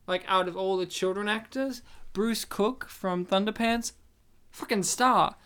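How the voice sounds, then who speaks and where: A man's voice: high voice, measured pace, fairly bright tone, clean tone. A man co-hosting a casual movie podcast, blunt and opinionated, cursing freely as he picks apart a film. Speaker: podcast co-host.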